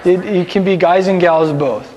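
A man with a high voice teaches a Bible lesson in a casual, lively way. He directs his class and explains scripture. The sound carries a long hall reverb. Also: normal speed, highs cut off. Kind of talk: sermon with a class skit.

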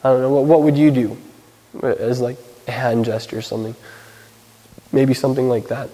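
A man giving a casual, conversational sermon as a Messianic teacher, full of fillers, slowing down to read scripture. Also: medium pitch, steady tone, dark tone. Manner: conversational, filler-heavy, reads scripture slowly. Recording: long hall reverb.

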